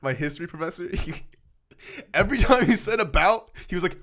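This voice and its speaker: A young man on a podcast telling stories with lots of giggles. His voice sits a little high and swings widely in pitch as he gets excited. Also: a little fast. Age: young adult. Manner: animated, giggly storytelling. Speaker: podcast guest. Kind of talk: casual chat.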